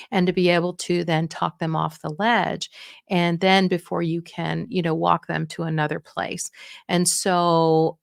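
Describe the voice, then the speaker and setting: Gravelly-voiced woman giving frank care advice. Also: lowish voice, no room sound, clean studio sound. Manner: frank, encouraging, acts out quoted voices. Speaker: dementia care podcast host. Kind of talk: casual advice talk.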